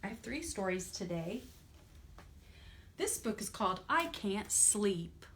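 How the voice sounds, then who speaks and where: Slow, gentle storytime librarian woman. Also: mid-range voice, very animated, a little hiss or hum. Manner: gentle, asks the children questions. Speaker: children's librarian. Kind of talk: toddler storytime reading and singing.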